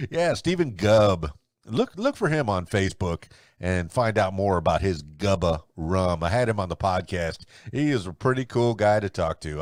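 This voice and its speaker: A man's voice: sits low, no echo, studio quality. A man hosting a solo podcast, rambling and chuckling as he chats and then runs through the day's news. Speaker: podcast host.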